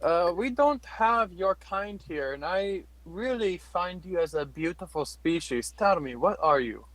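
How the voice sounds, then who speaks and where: A man's voice: high-pitched, lively intonation, unhurried, fairly bright tone, low-quality recording. A man speaking in character as a player in a tabletop game, polite and hesitant, with many fillers. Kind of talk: in-character tabletop role-play.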